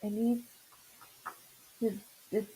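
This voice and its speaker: A woman hosting a live-streamed psychic reading, her voice sitting a touch high. She talks in stops and starts, pausing to gather herself before pressing on. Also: little pitch movement, background noise. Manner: halting, stops to say "hold on" and restarts a lot. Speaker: psychic medium host.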